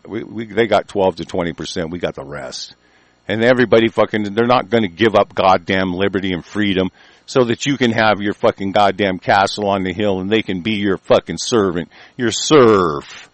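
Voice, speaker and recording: A man's voice: on the low side, no echo. Furious swearing man with a dry close voice. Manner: furious, swearing heavily, stumbles when reading aloud. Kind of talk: angry profane rant.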